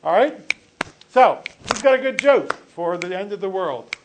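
A man's voice: high voice, expressive, a little slow, very noisy. A male teacher giving a classroom lecture, joking with students and correcting himself as he rambles.

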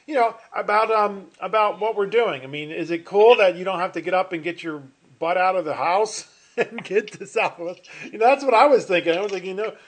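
A high-voiced middle-aged man lectures to an online class through his computer mic. He talks chattily and rambles, trailing off into fillers and restarting his sentences. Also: a little fast. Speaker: finance professor. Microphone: computer mic on a video call.

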